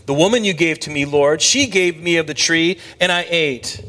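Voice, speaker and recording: A preacher putting on Adam, a grown man caught out and pleading his case in a raised, defensive voice. He talks a little higher and louder than his usual preaching tone. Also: moderate pace, long reverb tail.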